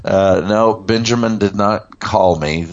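Man, 60s, podcast co-host, very low voice, loose casual chat, dull dry recording. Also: dry recording. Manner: chatty, laughing, with fillers and pauses.

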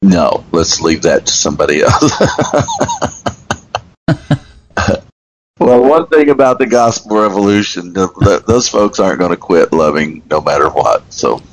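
A man's voice: sits low, expressive, a little slow, long pauses, poor audio. A man in his sixties co-hosting a podcast in casual, easygoing chat, often chuckling and teasing. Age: 60s. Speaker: podcast co-host, ministry founder.

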